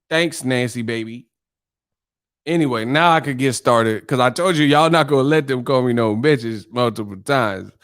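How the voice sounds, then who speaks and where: Man, live stream host, animated, profane, teasing, medium pitch, dry recording. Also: dry recording. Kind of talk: casual live stream commentary.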